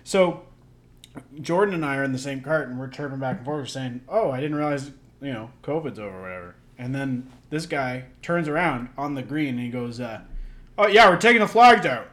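A man's voice: medium pitch, a little fast. A young man co-hosting a podcast, telling a long story in a rambling, laughing way with lots of fillers. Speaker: podcast co-host. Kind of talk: casual storytelling chat.

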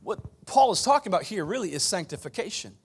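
A man with a high voice preaching to a congregation in a church. He drives points home with loud, emphatic lines, then drops to quiet, wry asides that keep the crowd with him. His delivery stays conversational even at full volume. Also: fast, breathy edge. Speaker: pastor. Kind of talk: sermon.

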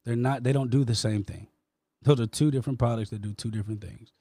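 A man's voice: medium pitch, steady tone, mellow, no echo. A man hosting a podcast, debating insurance with passion and insisting on his point. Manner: passionate, insistent, explaining rapidly. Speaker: podcast host, insurance promoter. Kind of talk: heated debate.

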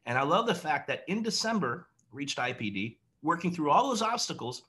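A male host talks over a video call in a very bright, forceful voice that sits fairly high. He is hyped and preachy, laughing often as he gives an energetic coaching talk. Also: moderate pace.

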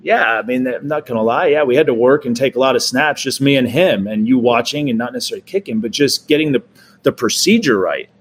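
A man's voice: medium pitch, fast talker, slightly rough. Guy in his 40s, ex quarterback, laid back storyteller, chuckles a lot. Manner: laughs often, acts out quoted people. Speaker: guest, former pro football quarterback. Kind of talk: casual storytelling.

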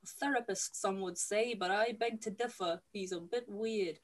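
A woman casually recapping a film for a podcast, sweary and laughing, slipping into quick character voices. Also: medium pitch.

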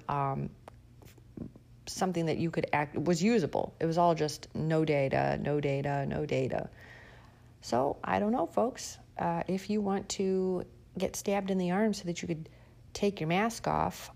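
A woman hosting her own podcast, talking casually with sarcastic asides, fillers and sudden jumps in tone. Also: lowish voice. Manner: sarcastic, animated, lots of fillers. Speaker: podcast host. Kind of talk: casual opinion monologue.

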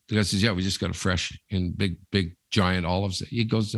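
A podcast co-host with a low, steady voice speaks at a moderate pace, recorded in studio quality with no echo. In casual chat, he tells stories in a rambling way packed with fillers.

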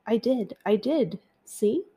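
A woman's voice: fairly high pitch, animated, takes it slowly, dark tone, husky, full character voice. A woman voicing a cheerful, literal-minded housekeeper in a storybook reading, eager and earnest.

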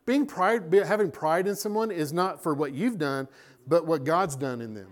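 A man preaching a sermon as a pastor, animated and acting out little scenes. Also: fairly high pitch, normal speed.

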